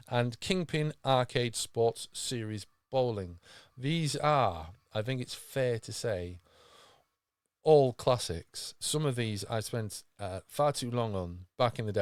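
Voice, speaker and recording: A man's voice: medium pitch, a little mellow, dry recording, studio quality. A man hosting a podcast, talking with enthusiasm and rambling through fillers and restarts. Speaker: podcast host. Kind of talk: casual podcast chat.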